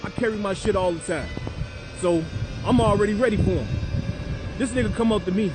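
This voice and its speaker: A blunt, foul-mouthed man tells a heated story in a high, strained voice. He sits inside a car, and clear music plays behind him the whole time. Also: fairly quick. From Chicago. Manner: profane, blunt, confrontational. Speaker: vlogger.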